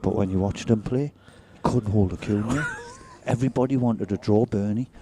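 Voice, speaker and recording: A man's voice: fairly low pitch, moderate pace, noisy background. A man with a British accent commentating live on a pool match, chatting and joking with his co-commentator. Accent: British English. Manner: chatty, jokey, laughs often. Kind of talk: live sports commentary, casual banter.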